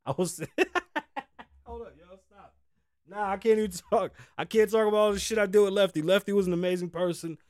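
A man's voice: high-pitched, normal speed, no room sound, studio quality. A man hosting his own talk show, telling stories in a loose, profane, laughing way. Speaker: podcast host. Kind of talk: casual storytelling monologue.

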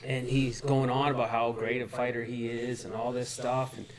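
A man's voice: medium pitch, level tone, normal speed, a crowd in the background. A man from Canada, a guest on a podcast, telling blunt, profane stories in casual chat. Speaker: guest, MMA fighter.

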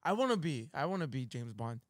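A man's voice: medium pitch, sing-song, a little fast, dry recording, clean studio sound. A man co-hosting a podcast in casual chat, joking bluntly and laughing often. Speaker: podcast co-host.

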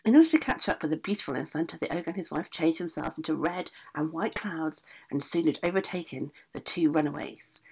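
A woman reading a fairy tale aloud, lively, adding casual asides as she goes. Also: low-pitched, a little fast, few pauses, slightly rough. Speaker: storyteller.

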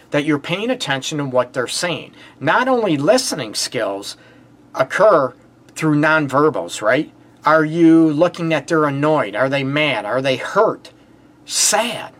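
A man's voice: a little high, lively intonation, a little slow, fairly bright tone. A man with a Detroit accent hosting a relationship advice call-in show, talking emphatically with rhetorical questions, frequent "you know what" and short laughs. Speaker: relationship counselor and show host.

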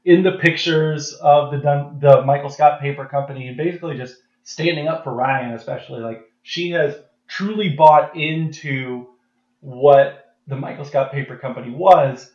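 A man co-hosting a casual podcast, relaxed and hesitant with lots of fillers. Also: on the high side, normal speed. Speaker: podcast co-host. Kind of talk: casual chat. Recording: echoey, dull lo-fi sound.

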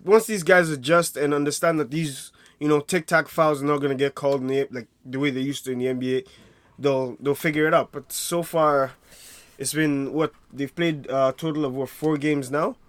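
A man's voice: fairly high pitch, steady tone, normal speed, dry recording. A man co-hosting a sports podcast in casual chat, rambling with many fillers and restarts. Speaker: podcast co-host.

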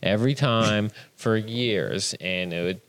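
A man's voice: lowish voice, takes it slowly. A man who is a comedian and podcast guest, telling a long story in casual chat with lots of fillers and swearing.

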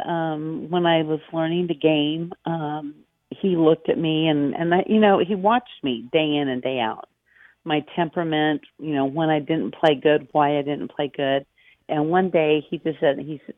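A woman's voice: deep voice, no echo. Woman chatting over a tinny phone line. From United States. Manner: chatty, anecdotal storyteller. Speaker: guest, golf professional. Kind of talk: casual interview chat. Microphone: phone call.

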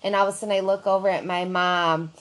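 Chatting casually on a podcast, a woman tells a story about herself, animated and self-mocking and swearing freely. She talks fast, with a voice on the low side.

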